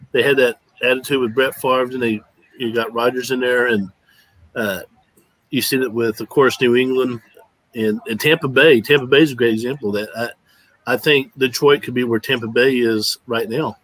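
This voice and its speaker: A man's voice: medium pitch, a bit bright, no room sound, rough recording. A man in casual sports podcast chat, easygoing and hesitant, with many fillers. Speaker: co-host.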